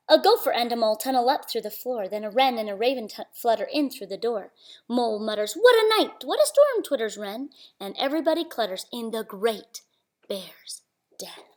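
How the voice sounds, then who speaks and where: A woman reading a children's picture book aloud in a lively, unhurried way, often dropping to a hush. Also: a little high. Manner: animated, slow, dropping to whispers at refrains. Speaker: storybook reader.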